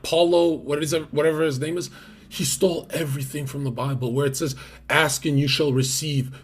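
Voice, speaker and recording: A young man hosts a livestream with a voice that is a little high and slightly rough. He chats casually in a rambling, slangy way, full of fillers and restarts.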